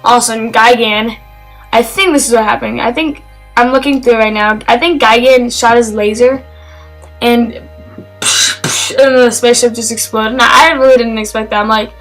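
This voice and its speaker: A woman talks through a film review in a loose, casual way, stumbling over her words and restarting sentences. Her voice sits a little high and she sounds genuinely excited. Soft music plays faintly behind her. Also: moderate pace, rough recording. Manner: rambling and hesitant, with many fillers and restarts; enthusiastic.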